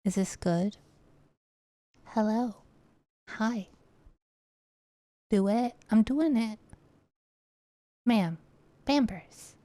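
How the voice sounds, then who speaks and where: A woman's voice: medium pitch, drawn-out words, pauses often, mellow. A woman streamer chatting casually and playfully close to a studio mic, rambling and restarting her sentences. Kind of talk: casual chat.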